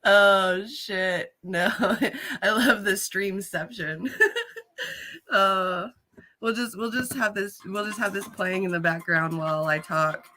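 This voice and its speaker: A woman's voice: medium pitch, slow pace, sharp tone. A woman chatting casually on a live stream, laughing often and swearing freely.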